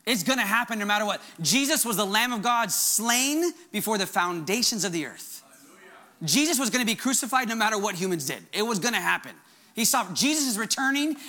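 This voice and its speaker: A male pastor preaching a fervent, animated sermon. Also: high-pitched.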